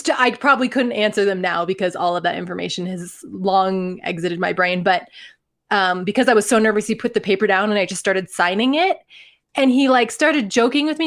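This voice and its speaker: A woman in her thirties from Canada, co-hosting a podcast and telling stories in a casual, animated way with frequent laughs. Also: mid-range voice. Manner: animated storytelling, laughs often. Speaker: podcast co-host. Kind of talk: casual chat.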